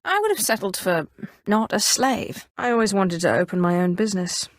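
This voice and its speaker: A woman's voice: mid-range voice, lively intonation, normal speed, no echo, clean studio sound, natural voice. An actress voicing a proud, commanding female Sith sorcerer in a video game, assured and imperious. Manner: assured, imperious, with softer intimate asides. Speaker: game player character.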